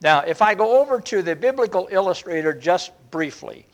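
A man preaching a sermon in an earnest way, often stretching key words slowly and restarting phrases. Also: high voice, expressive. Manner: earnest, drawn-out emphasis with frequent restarts.

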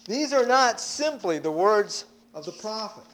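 A man delivering a sermon in a high, lively voice that rises and falls widely. He speaks slowly and emphatically, often repeating words as he stresses a point. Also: a little hiss or hum. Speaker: preacher.

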